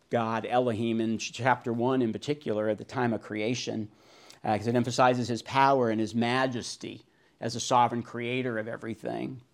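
With a mid-range voice, a man teaches through the Bible verse by verse in a relaxed, conversational style, often using fillers and restarting his sentences.

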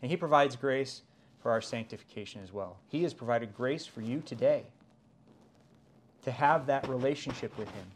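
A man's voice: medium pitch, normal speed, a little hiss or hum. A middle-aged man preaching a sermon as pastor, earnest and rising to emphatic exclamations.

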